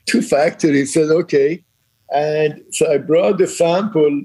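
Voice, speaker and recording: A man's voice: fairly high pitch, unhurried, dark tone, slightly rough, low-quality recording. An older man, a company founder, telling business stories in an interview, acting out quoted dialogue with frequent laughs. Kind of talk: storytelling in a conversational interview.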